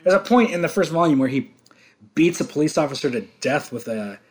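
A man's voice: a little high, expressive, fairly quick. A man co-hosting a podcast, talking casually and enthusiastically about a film, laughing often and swearing freely. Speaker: podcast co-host.

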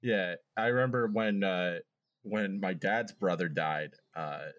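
Man, lowish voice, podcast co-host, casual banter, joking asides, swearing. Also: takes it slowly, fairly bright tone. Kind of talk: casual chat.

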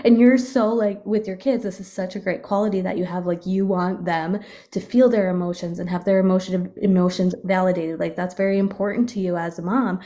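Woman host, casual chat, supportive, mellow warm timbre. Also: mid-range voice, steady tone, brisk, few pauses.

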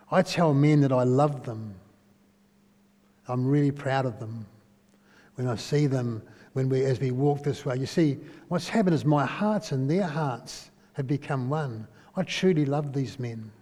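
A man's voice: mid-range voice, warm tone. A man giving a conversational sermon, often asking listeners questions and tagging lines with "eh?". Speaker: preacher. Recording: long hall reverb.

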